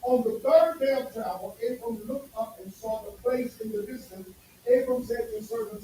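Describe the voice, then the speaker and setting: A man preaching a sermon, talking emphatically with loud bursts and sudden drops to near quiet. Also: very high voice, normal speed. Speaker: pastor. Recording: echoey room from far off, faint noise.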